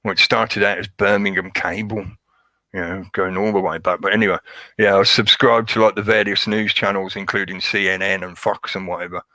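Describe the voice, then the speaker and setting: A man's voice: low-pitched, fairly even intonation, brisk, sharp tone, no echo. A man hosting a live stream, rambling casually and sarcastically, laughing often.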